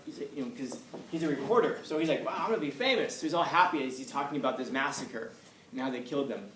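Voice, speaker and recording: Man lecturing in an echoey classroom. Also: medium pitch. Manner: conversational, repeats points for emphasis. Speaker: teacher. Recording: echoey room, far from mic, faint noise.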